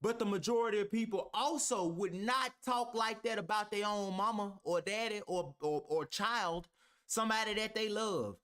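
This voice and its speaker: A man's voice: sits high, moderate pace, a bit bright, clear, resonant tone. A man reacting to a clip, heated and argumentative, talking with heavy profanity. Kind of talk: ranting reaction commentary.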